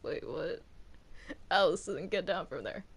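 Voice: medium pitch, lively intonation, a little slow, creaky, slightly rough, full character voice. A player voicing a flustered courtroom lawyer in a casual game role-play, hesitant and placating, with many ums.

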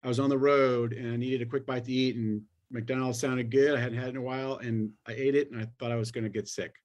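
A man hosting a podcast, chatting in a relaxed way that trails off quietly. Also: mid-range voice, fast talker. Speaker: podcast host. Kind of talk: casual podcast chat.

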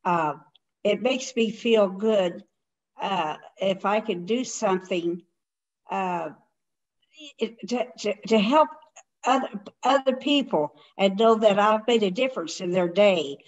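An older woman hosting a casual conversation, talking in a halting, rambling way with many restarts. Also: medium pitch, dull audio. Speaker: host.

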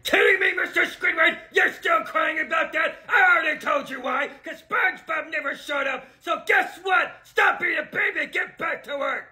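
A man voicing a bossy male cartoon crab who shouts orders in a gruff voice. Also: very high voice, normal speed, hardly any pauses, some chatter behind, exaggerated voice. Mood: yelling.

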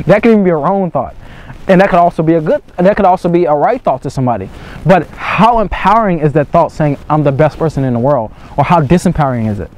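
Young male coach, fairly high voice, earnest and repetitive, casual swearing. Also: darkish tone. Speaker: dating coach. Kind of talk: motivational monologue.

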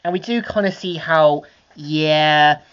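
Low voiced woman rambling thru a comic review, lots of fillers, kinda muffled lo-fi audio. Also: slow pace, clean tone. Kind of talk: casual comic review narration. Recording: dull lo-fi home recording.

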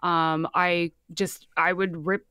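A woman with a light Southern accent, a guest telling her story in a candid, animated, casual way. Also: fairly low pitch, slow pace, clear, resonant tone, no room sound, clean studio sound. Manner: candid, animated, swears freely.

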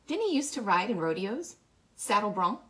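A woman voicing a pretty, cool-headed teenage girl cheerleader in a read-aloud, with a biting edge that softens. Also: mid-range voice, sing-song, normal speed, voice pushed up, natural voice.

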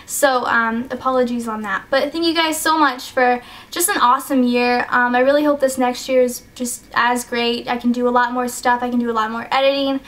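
A woman's voice: on the high side, fairly even intonation, normal speed, few pauses, fairly bright tone. A teenage girl chatting in a casual vlog, rambling and hesitant with many fillers, choked up and sniffly. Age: teens. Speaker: YouTuber.

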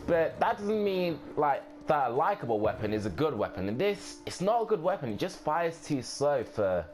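A man's voice: a little high, very animated, moderate pace, a little mellow. A man giving casual, offhand gameplay commentary, swearing and thinking aloud as he plays.

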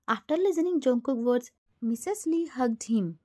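Female storybook narrator, high and mellow, steady plain delivery. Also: normal speed. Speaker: fan fiction narrator. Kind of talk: scripted second-person story narration.

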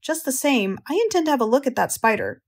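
A woman voicing a practical, skeptical farm wife who speaks briskly and doubtfully in a storybook reading. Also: sits high, animated, breathy edge, voice pushed up, exaggerated voice.

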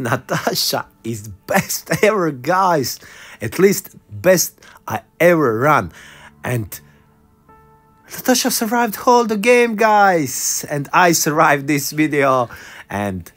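A man giving excited commentary on his own online game at home, laughing often and talking to his viewers. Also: sits high. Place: at home, son in the room.

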